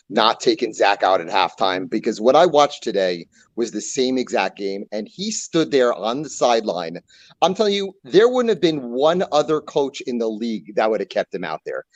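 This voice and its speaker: A man's voice: on the low side, dry recording. A man calling in to a sports show and steadily, insistently criticizing the coach. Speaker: caller. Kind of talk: phone-in call.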